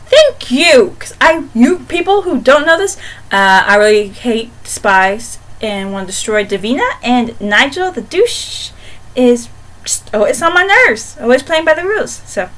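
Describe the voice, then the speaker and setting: A young woman giving a casual book review on her vlog, animated and playful, breaking into dramatic shouted asides. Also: a little high, a little slow.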